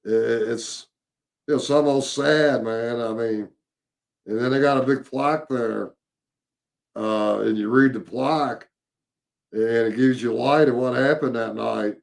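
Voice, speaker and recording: Gravelly man telling a story. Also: mid-range voice. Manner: halting, many fillers and repeated words. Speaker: paranormal investigator. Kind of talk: casual storytelling chat.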